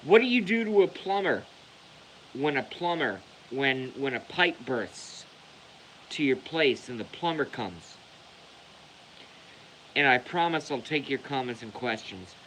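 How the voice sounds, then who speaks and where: A man's voice: mid-range voice, very animated, a little slow, pauses often, a bit bright, a little hiss or hum, rough recording. A man delivering a heated, profane rant to the camera as a vlogger. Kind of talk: angry rant.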